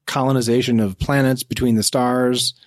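A man co-hosting a casual podcast about movies, talking in a relaxed, matter-of-fact way. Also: mid-range voice, normal speed, dry recording, studio quality. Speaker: podcast co-host.

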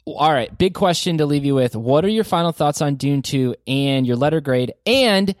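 A man in his forties hosting a casual podcast, talking about a film in an animated, rambling way. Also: on the high side, moderate pace, dry recording, studio quality. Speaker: podcast host. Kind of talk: casual movie review chat.

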